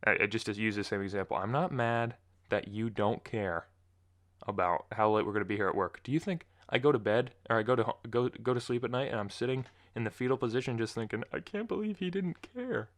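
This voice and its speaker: A man's voice: on the low side, fast. A young man hosting a podcast, ranting casually and with exasperation in a rambling, self-correcting way. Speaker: podcast host. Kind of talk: casual solo monologue.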